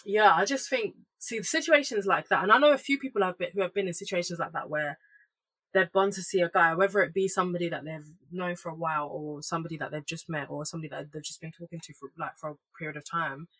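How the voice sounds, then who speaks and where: A woman's voice: lowish voice, fast talker, a bit bright, slightly rough. A young woman, chatting bluntly and sharing her opinions as a podcast co-host. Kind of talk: casual chat.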